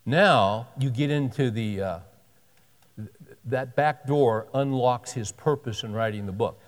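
A man's voice: mid-range voice, a little slow. A man preaching a sermon in an earnest, conversational way, often repeating and restarting his phrases. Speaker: pastor. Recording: long hall reverb.

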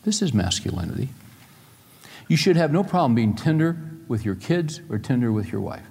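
A middle-aged man preaching a sermon to a room full of people, moving between emphatic points and quiet personal stories. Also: medium pitch, big pitch swings, normal speed, vocal fry. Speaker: pastor. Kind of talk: sermon to a live audience. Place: large room with an audience. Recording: long hall reverb.

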